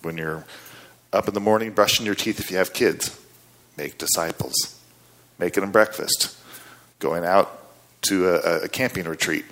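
A man's voice: low-pitched, normal speed, fairly bright tone. A man preaching a storytelling sermon in an earnest, conversational way, often checking in with his listeners.

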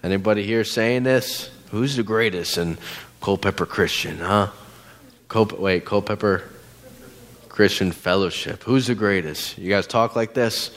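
Male preacher, lowish voice, loose conversational sermon style with lots of asides and fillers. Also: moderate pace, a bit bright. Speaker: guest preacher. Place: church.

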